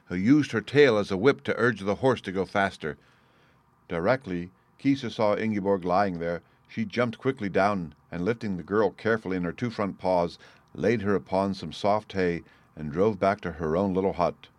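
Deep male fairy-tale narrator, measured, dry booth sound. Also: no room sound. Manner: measured, expressive. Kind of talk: storybook reading.

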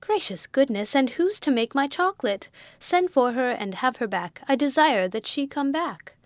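A woman reading aloud and voicing an imperious, easily alarmed wealthy old spinster with shrill, petulant outbursts. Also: expressive, normal speed, dry recording. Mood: indignant.

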